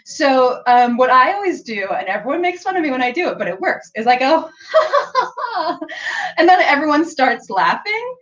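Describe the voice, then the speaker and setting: A sewing pattern designer hosts a casual live-stream tutorial, her high, slightly bright voice coming through a muffled recording. She's chatty and playful, dropping plenty of "like" and "um" and breaking into bursts of playful sounds.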